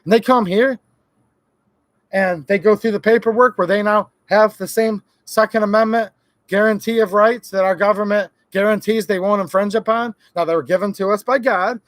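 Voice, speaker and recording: Man, live stream host, ranting, sarcastic, high-pitched voice, dry close sound. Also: brisk, a bit bright, no echo. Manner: heated, sarcastic, mocking voices of others.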